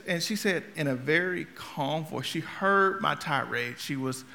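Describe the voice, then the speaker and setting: A man preaching a sermon in a conversational, humorous way, telling stories and swinging between quiet talk and loud outbursts. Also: medium pitch, in a large hall, a little hiss or hum.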